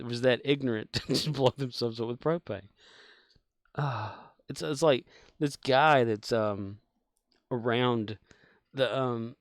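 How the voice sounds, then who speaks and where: A man's voice: mid-range voice, dry recording. A man streaming a game, telling a long casual story in a rambling way with many fillers and chuckles. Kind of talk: casual storytelling while gaming.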